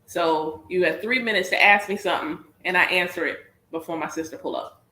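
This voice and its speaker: Woman, Southern accent, casual livestream reader, rambling and repetitive, lowish voice, echoey room. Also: brisk, sharp tone. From Southern United States. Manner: chatty, repeats herself, calls listeners y'all. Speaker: astrology and spiritual reader. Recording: roomy echo.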